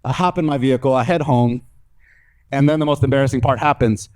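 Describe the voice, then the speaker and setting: A young man from Mexico doing a stand-up comedy set on stage, telling animated stories and acting out other people's voices with big jumps in pitch. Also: fairly quick. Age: young adult. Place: comedy stage before a live audience.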